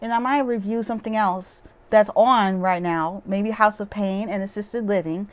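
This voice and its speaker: A woman's voice: medium pitch, moderate pace. A woman talking straight to her audience in a loose, unscripted vlog recap. She rambles from point to point with lots of "um" and "like" filling the gaps. She tosses in blunt, opinionated asides as she goes. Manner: rambling, chatty, with frequent "um" and "like" fillers. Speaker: reality TV recap vlogger. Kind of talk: casual monologue recapping a TV show.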